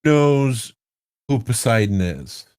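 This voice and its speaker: A man's voice: medium pitch, sing-song, slow pace, a little mellow, clear, resonant tone, dry recording. A man hosting a casual podcast, rambling and correcting himself as he builds his points with rhetorical questions. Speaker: podcast host. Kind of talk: casual podcast chat about online game politics.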